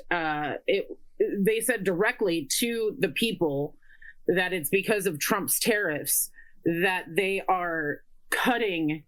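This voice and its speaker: Slow-talking woman, halting and exasperated. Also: lowish voice, fairly bright tone, low-quality recording. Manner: halting, full of fillers and restarts; exasperated ranting. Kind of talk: casual political chat.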